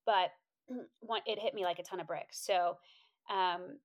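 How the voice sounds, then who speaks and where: Animated woman telling a story. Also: measured pace. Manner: animated, quotes herself in high voices, laughs often. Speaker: inspirational speaker. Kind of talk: storytelling monologue, motivational.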